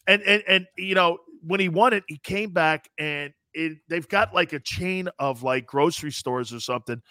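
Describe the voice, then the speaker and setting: An animated middle-aged man spinning slangy stories in casual sports talk. His voice is bright and forceful, pitched fairly high for a man, and dry and close. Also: normal speed, no echo. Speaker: co-host.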